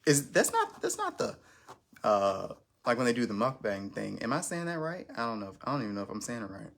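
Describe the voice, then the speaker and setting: A man's voice: medium pitch, wildly swooping pitch, fairly quick, gravelly, fairly bright tone. A man hosting his first live stream, chatting casually in a rambling, self-conscious way with lots of restarts.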